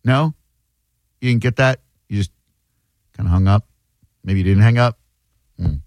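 A man's voice: lowish voice, a little slow, darkish tone, dry recording. Sarcastic male radio host. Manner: sarcastic, teasing. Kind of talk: casual radio banter.

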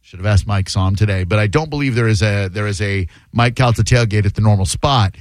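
A man hosting a call-in radio show, teasing and mocking his callers in quick banter from a studio microphone. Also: lowish voice, no room sound.

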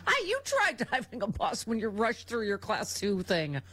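A woman's voice: mid-range voice, huge pitch swings, moderate pace, a bit bright. A woman hosting a radio talk show, chatting casually with her co-hosts and laughing often as she tells stories, then reading a live ad. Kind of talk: casual on-air banter and live ad read.

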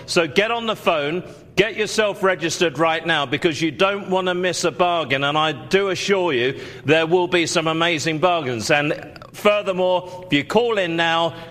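A male auction host with a somewhat high voice, talking fast and pushing viewers to call in. He leans on fillers and keeps addressing the audience. It sounds like a live TV sales pitch. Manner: salesy, many fillers, repeats "ladies and gentlemen".

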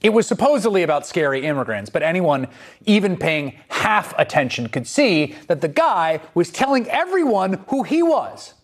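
A man's voice: sits high, very animated, normal speed. Sardonic man hosting a news show. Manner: sardonic, emphatic delivery. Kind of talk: scripted political commentary.

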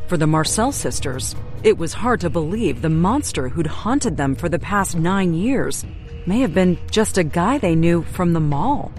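A woman narrating a news story in a measured, dramatic scripted style. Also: on the low side, lively intonation, darkish tone. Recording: voice-over with music underneath.

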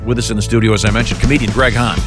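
A man's voice: on the low side, fairly even intonation, very fast, music in the background. A man hosting a radio show, introducing guests with easygoing banter.

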